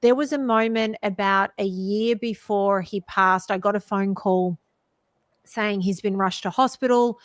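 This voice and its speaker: A woman's voice: mid-range voice, fairly even intonation, a little slow, no echo, studio quality. A woman co-hosting a podcast, telling a personal story in an earnest, heartfelt way. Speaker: podcast co-host. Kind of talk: conversational podcast talk.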